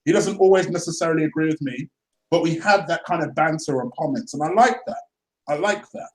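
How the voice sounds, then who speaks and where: A man in casual chat, an animated, slangy storyteller who laughs often. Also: fairly high pitch, fairly quick. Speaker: fan channel host. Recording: echoey room.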